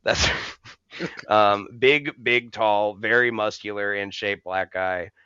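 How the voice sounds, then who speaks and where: A young man spins a rambling, profane story for his co-hosts, chuckling between lines. His voice is bright and clean, close to the mic with no room sound, though the recording is a little dull and muffled. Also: lowish voice, steady tone, slow pace, smooth, dry recording. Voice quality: swears freely, laughs through the telling. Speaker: podcast co-host. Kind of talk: casual storytelling.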